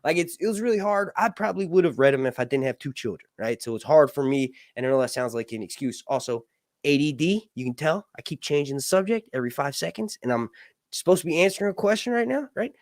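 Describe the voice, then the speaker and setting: A man's voice: fairly high pitch, animated, fast, dry recording, clean studio sound. A man hosting a casual livestream discussion, rambling and talkative, with lots of fillers and restarts. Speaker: podcast host.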